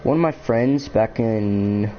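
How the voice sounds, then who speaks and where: Rambling young man, low voice, lo-fi mic. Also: slow pace. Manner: filler-heavy, meandering, musing. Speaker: YouTuber. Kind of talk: rambling casual monologue. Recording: dull lo-fi mic with faint noise.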